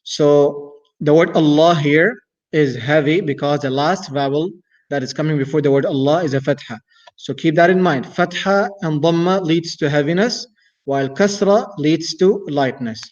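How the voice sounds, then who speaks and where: A man's voice: on the high side, moderate pace. A man, an imam, teaching Quran recitation in a patient, step-by-step way, repeating each sound several times. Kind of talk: tajweed lesson. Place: mosque. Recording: dull sound from a distance.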